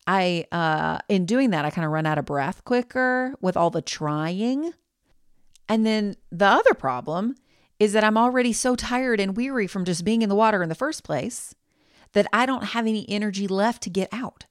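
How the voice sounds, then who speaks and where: A woman's voice: mid-range voice, animated, normal speed, clear, resonant tone, dry recording, clean studio sound. A woman hosting her own podcast, giving a candid, reassuring pep talk. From United States. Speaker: podcast host.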